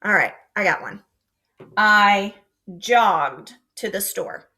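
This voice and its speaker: A woman teacher giving a recorded lesson to young children, speaking slowly and clearly and acting out her example sentences with lots of expression. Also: medium pitch, lively intonation, pushed and bright.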